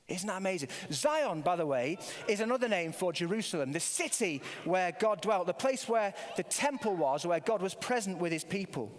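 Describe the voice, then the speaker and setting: Older male preacher, playful with kids, bright high animated voice, echoing church hall. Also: normal speed, hardly any pauses. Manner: playful, quizzes the children, many restarts. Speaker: preacher leading a family service. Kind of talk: all-age church talk with a toy dog. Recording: long hall reverb.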